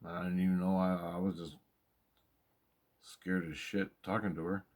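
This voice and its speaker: A man with a fairly low voice tells a personal story in a casual monologue. He is excitable and profane, and he repeats himself when he wants to stress a point. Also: moderate pace.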